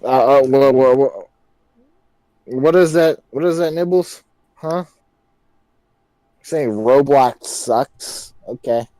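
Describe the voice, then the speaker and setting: Young male podcast co-host, mid-pitched, dry delivery, close and dry recording. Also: slow pace, long pauses, no room sound, low-quality recording. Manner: deadpan, dry jokes, hesitant restarts. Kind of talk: casual chat.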